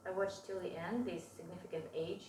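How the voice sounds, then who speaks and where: A woman's voice: lowish voice, fairly even intonation, brisk, a little mellow, distant mic, a little hiss or hum. A woman chatting casually on a couple's vlog, mostly giving short agreeing replies and giggling. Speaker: vlog co-host. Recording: echoey, from off-mic.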